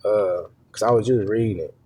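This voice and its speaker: A man giving informal scripture teaching as a preacher. He talks conversationally, often checking in with "all right?" and "man", halts on fillers and restarts, and reads verses slowly and deliberately. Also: lowish voice, dark tone, a little hiss or hum. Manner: halting, with many fillers and restarts.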